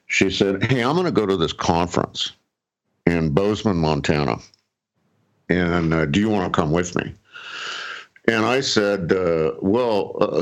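A middle-aged man casually telling a personal story, rambling with fillers and restarts and chuckling often. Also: low-pitched. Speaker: guest telling his story.

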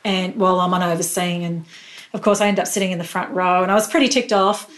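A woman's voice: lowish voice, fairly even intonation, fast. A middle-aged woman, a pastor's wife, candidly telling a personal faith story in an interview, emotional and close to tears at moments.

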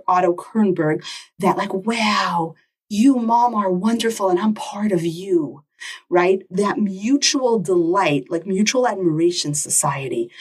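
Woman podcast host, middle-aged, husky tone, set a bit off-mic, lively conversational delivery. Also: medium pitch, recorded from a distance. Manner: animated, acts out quick parent-child exchanges. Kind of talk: casual podcast talk.

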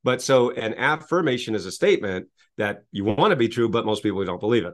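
A middle-aged business coach speaks energetically in an interview, using a repetitive motivational cadence and lots of rhetorical questions. His medium-pitched voice is very animated and a little fast.

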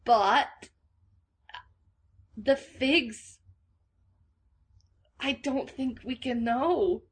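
A woman playing a tabletop game, speaking in a hesitant, measured way. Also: sits high, slightly rough. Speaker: player.

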